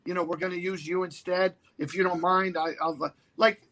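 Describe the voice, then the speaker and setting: A man in his fifties tells a long, lively anecdote in casual talk. His voice sits high and sounds bright and forceful. He keeps jumping into quick impressions of the people in the story. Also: low-quality recording. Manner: animated anecdote-teller who slips into quoted voices. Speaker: guest actor.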